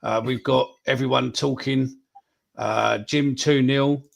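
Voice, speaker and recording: A gravelly-voiced man hosts a live podcast. He chats casually and swears freely as he reads out viewers' score predictions, speaking at an average pitch. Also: steady tone, slow. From England. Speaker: podcast host.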